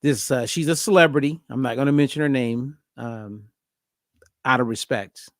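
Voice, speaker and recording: A man hosting a casual podcast conversation as a diet coach, telling a story with lively acted-out dialogue. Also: mid-range voice, normal speed, no echo, studio quality. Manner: animated storyteller acting out both sides of a phone call.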